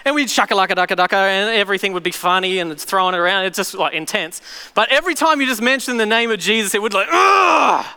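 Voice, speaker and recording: Bright-voiced man preaching in a hall. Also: high voice, quick pace, clear, resonant tone. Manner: animated storytelling, acting out voices. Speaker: pastor. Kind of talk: sermon.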